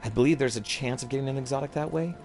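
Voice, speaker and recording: A man's voice: medium pitch, racing, darkish tone, faint music behind. A man streaming a video game from home, giving loose live commentary that often trails off and corrects itself. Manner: rambling, loose and self-correcting.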